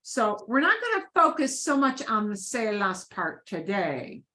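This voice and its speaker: A woman's voice: mid-range voice, sing-song, a little slow, pushed and bright. A woman teaching a beginners' Spanish class, patiently repeating phrases for her students to echo.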